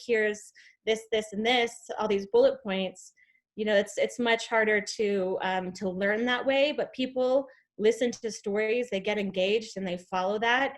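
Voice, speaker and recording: A woman in her thirties giving an enthusiastic, rambling motivational talk over a video call, full of fillers and restarts. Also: mid-range voice. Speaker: guest speaker.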